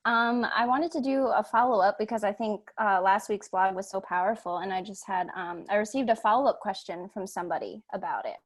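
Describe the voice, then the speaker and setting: A woman co-hosting a video blog, introducing the question in a hesitant, soft-spoken way with many pauses. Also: medium pitch. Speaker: co-host.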